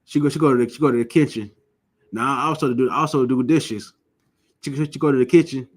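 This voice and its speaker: A man teaching a religious class, emphatic and repetitive, often asking the listeners questions and telling lively stories. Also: mid-range voice, a little fast, breathy edge. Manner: lively storytelling.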